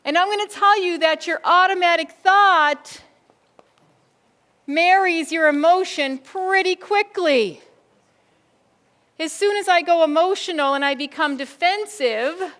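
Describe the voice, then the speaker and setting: A middle-aged woman speaking as a school behavior consultant, giving a lively keynote talk to an audience of educators and calling them folks. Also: very high-pitched, takes it slowly. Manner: animated, addresses audience as folks, acts out quoted thoughts.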